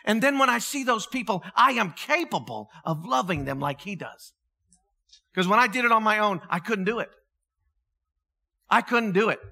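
Bright, high-voiced man preaching. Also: normal speed, vocal fry, long pauses. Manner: conversational, animated storytelling with laughs. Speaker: pastor. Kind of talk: sermon. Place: church.

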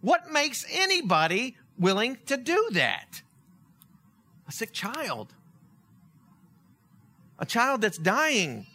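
High, bright-voiced animated preacher man. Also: slow, pauses often. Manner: animated storytelling, acts out characters. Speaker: pastor. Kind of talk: sermon.

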